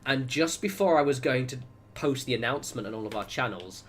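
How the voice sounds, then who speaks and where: A man's voice: mid-range voice, animated, a little fast, a bit bright, a little hiss or hum. A man from Southwest England with a Southern English accent, chatting casually and rambling on a gameplay livestream, swearing now and then and reacting aloud. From England (Wiltshire, Southwest). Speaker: game streamer.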